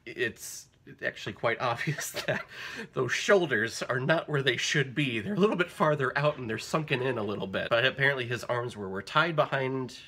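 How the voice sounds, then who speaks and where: A man hosting a casual movie review, rambling and self-deprecating, quick to laugh. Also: mid-range voice, animated, pushed and bright, breathy edge. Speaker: movie review channel host.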